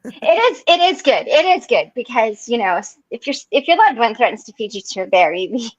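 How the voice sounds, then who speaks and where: Animated woman on a muffled video call. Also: fairly high pitch, fairly quick, no echo. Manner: animated storyteller, laughs often. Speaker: meeting host. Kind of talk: casual online support group chat.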